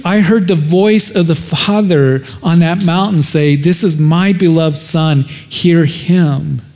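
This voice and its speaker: Man doing frightened apostle Peter, anguished grown man, raised higher voice, pleading repetition. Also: takes it slowly, a little mellow. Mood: anguished insistence.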